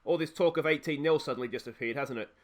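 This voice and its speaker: A young Australian man narrates his football management game live, chatty and quick to get excited. His voice sits a little high, and he breaks off to talk to his players. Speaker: let's play host.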